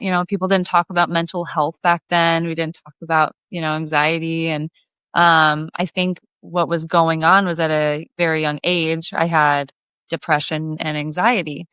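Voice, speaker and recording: A woman's voice: fairly low pitch, clean tone, no echo, studio quality. A woman in her thirties from the Midwest, a singer, tells stories as a podcast guest, laughing often and acting out the voices she quotes. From Lake of the Ozarks, Missouri. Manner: giggly, animated storyteller who acts out quoted voices. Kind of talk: casual storytelling interview.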